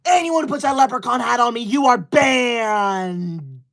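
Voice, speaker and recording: A man's voice: very high voice, a little slow, creaky, heavily acted. Touchy young male livestreamer, played by a man. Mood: indignant. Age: 20s. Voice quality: indignant, whiny, shouts at viewers. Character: touchy young male livestreamer, easily offended, self-important. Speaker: livestreamer reading super chats. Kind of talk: parody livestream skit.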